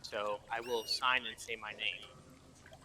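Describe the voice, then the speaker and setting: A man's voice: lowish voice, level tone, slow, noisy background. A man playing in a tabletop game, speaking hesitantly with many fillers. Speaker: player. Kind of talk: casual tabletop play.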